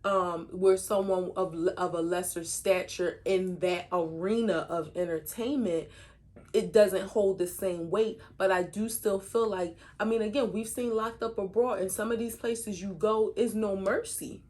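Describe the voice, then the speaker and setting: Measured woman in casual podcast chat. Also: medium pitch, fairly even intonation, darkish tone. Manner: measured, reasoned, hedges with "I think" and "you know". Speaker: podcast co-host.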